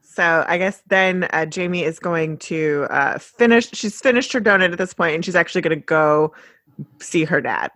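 A woman's voice: fairly low pitch, expressive, normal speed, a bit bright, no room sound, clean studio sound. A woman playing a tabletop role-playing game, casually describing her character's actions. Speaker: player.

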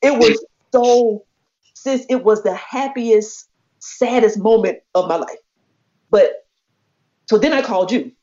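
Her fairly high voice takes things slowly, with frequent pauses, as this podcast co-host casually tells a personal story. She acts out the quoted voices with animation, and the audio is slightly muffled lo-fi.

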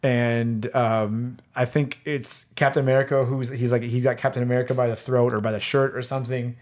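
A man in a loose podcast chat, excitedly walking his friends through a film scene by scene. He swears freely and jumps into loud, acted-out reactions as he retells it. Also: mid-range voice, a little fast. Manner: animated storyteller, swears freely, acts out movie moments. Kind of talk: casual movie recap chat.

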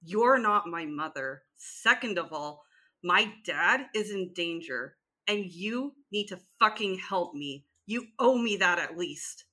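A woman's voice: lowish voice, expressive, slow pace, bright, forceful tone, heavily acted. A woman playing a cold, furious daughter. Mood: cold anger. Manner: blunt, cold, swearing. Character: furious young woman confronting the mother who left.

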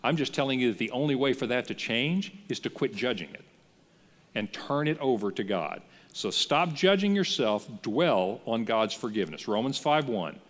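A man preaching a sermon as a pastor, in a conversational, lively style that acts out the voices he quotes. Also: medium pitch, normal speed, in a large hall. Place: church.

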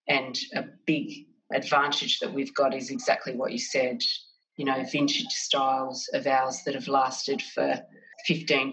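A middle-aged woman talks through her answers in a measured, thoughtful way. Her voice sits very low and stays flat and even. She is heard a little away from the microphone. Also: recorded from a distance, poor audio. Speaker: business development manager, guest. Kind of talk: conversational interview.

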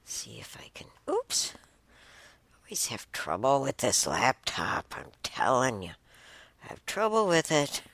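Low-voiced woman, slow and lively. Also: gravelly, dry recording. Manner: rambling, exclaiming, chuckling asides. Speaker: host. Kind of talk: casual solo talk.

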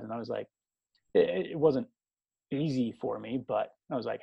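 Man, gravelly, relaxed chat, dull dry recording. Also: medium pitch, normal speed, no echo. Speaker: co-host. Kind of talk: casual chat.

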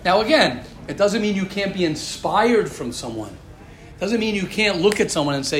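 High-voiced, emphatic male teacher. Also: animated, moderate pace, fairly bright tone. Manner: emphatic, repeats key phrases, speaks straight to students. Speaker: teacher leading a religious class. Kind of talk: animated motivational class talk. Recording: echoey room.

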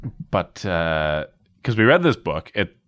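A young man with a lowish voice tells stories in loose, casual podcast chat. His pitch swings widely and he breaks into laughter often. The sound is dry and close. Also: measured pace, dry recording. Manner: animated storytelling with bursts of laughter. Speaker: podcast co-host.

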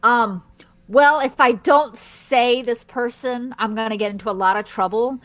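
A woman's voice: fairly high pitch, a little slow, a bit bright, dry recording. A woman from Virginia with a Southern accent, answering interview questions in a chatty, hesitant way with many fillers. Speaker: guest, actress. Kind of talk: casual interview chat.

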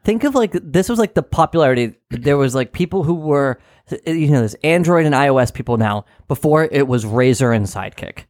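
A man's voice: mid-range voice, lively intonation, brisk, a little mellow, no room sound, clean studio sound. A man chatting casually as a podcast co-host, blunt and teasing, swearing now and then. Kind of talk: casual chat.

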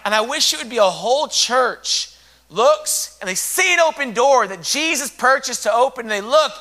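A man preaching a sermon with passion, swinging from hushed, intimate lines to loud shouting. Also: very high voice.

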